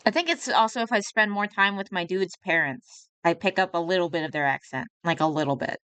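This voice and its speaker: A streamer woman with a light Texan accent talks in a loose, chatty run of asides. Her voice sits at a middle pitch and sounds close and dry at a home desk mic. Nothing is staged; it is easy, rambling reaction talk. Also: fairly quick, fairly bright tone, smooth, dry recording. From Texas. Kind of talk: casual reaction commentary.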